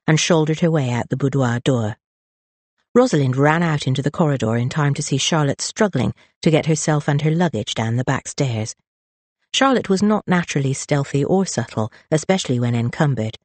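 Expressive audiobook narrator with a husky, breathy tone, dry close sound. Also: medium pitch, normal speed, dry recording. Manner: expressive, lively storytelling. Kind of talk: scripted narration.

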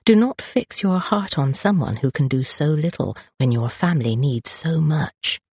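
Proper older lady, slow and cautioning, as an audiobook narrator puts her on, husky dry tone. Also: medium pitch, expressive, a little mellow, dry recording.

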